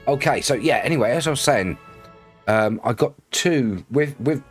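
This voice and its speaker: A man's voice: medium pitch, lively intonation, moderate pace, husky, soft background music. A man from Britain chatting casually on a game live stream, rambling, laughing often and greeting viewers by name.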